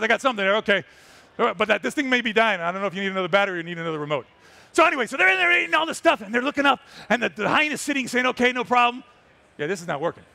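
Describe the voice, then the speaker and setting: High, fast-talking excitable man. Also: gravelly. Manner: excitable, exclaiming, dramatic. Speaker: wildlife photographer presenting. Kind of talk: animated live storytelling talk. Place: stage at a large trade show.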